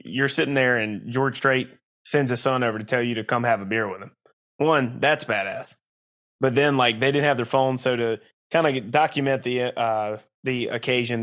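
A man's voice: mid-range voice, a bit bright. Laughing man telling stories. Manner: rambling storyteller, laughs often. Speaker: podcast co-host. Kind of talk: casual chat.

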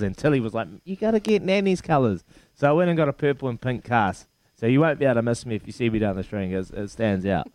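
A former rugby player in his thirties with a New Zealand accent chats casually as a radio guest. His mid-range voice is recorded with no echo, and he sounds laid-back, laughing as he tells stories.

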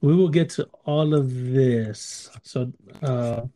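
Mellow-voiced laid-back podcast guy. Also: medium pitch, takes it slowly. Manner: loose and joking, laughs often, reads listener emails aloud. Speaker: podcast co-host. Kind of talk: casual chat.

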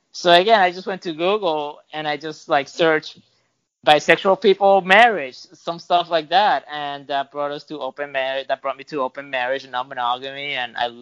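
A man with a fairly high voice, chatting as a podcast guest. He rambles with frequent restarts and filler words, and the audio sounds muffled and lo-fi. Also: steady tone, normal speed, a bit bright, clean tone. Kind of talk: casual storytelling interview.

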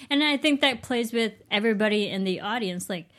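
A woman's voice: a little high, expressive, fairly quick, fairly bright tone. A woman co-hosting a casual film discussion, reflecting on it and posing questions. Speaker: podcast co-host.

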